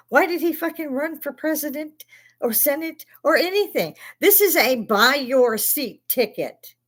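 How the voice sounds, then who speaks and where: A woman's voice: a little high, a bit bright. Blunt, profane middle-aged woman ranting. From Chicago, USA. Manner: profane, blunt, laughs often between rants. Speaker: channel host, Army veteran. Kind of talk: casual ranting livestream chat.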